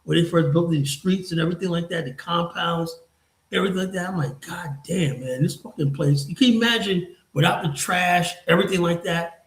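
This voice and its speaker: Fired-up man with a high voice, echoey room. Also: fairly even intonation, a little fast, fairly bright tone. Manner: blunt, profane, fired up. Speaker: podcast host. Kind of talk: heated casual discussion.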